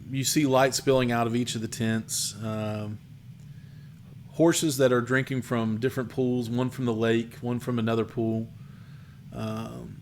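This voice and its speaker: Man, game master, mid-pitched, halting narration, faint background noise. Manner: descriptive, hesitant with many ums.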